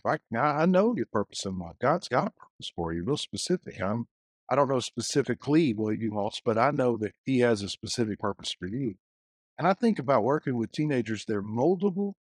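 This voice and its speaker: A man, a guest minister, telling lively stories in a casual podcast conversation, full of restarts and acted-out quotes. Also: mid-range voice, a little fast, breathy edge, dry recording, clean studio sound. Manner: storytelling, animated quotes, many restarts.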